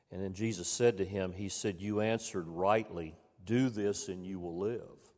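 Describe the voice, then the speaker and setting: A man preaching a sermon to his congregation, reading scripture aloud and repeating key phrases for emphasis in a measured way. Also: low-pitched, steady tone, darkish tone, long reverb tail. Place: church sanctuary.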